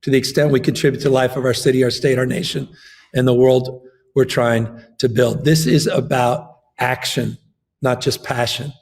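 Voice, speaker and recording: A man's voice: mid-range voice, flat delivery, normal speed. A man, a governor, giving an impassioned political interview, emphatic and fond of repeating his phrases.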